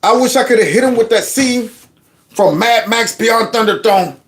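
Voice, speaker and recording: A man's voice: extremely high pitch, normal speed, fairly bright tone. Mocking man commenting on news clips. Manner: mocking, playful, acts out quotes. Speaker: host.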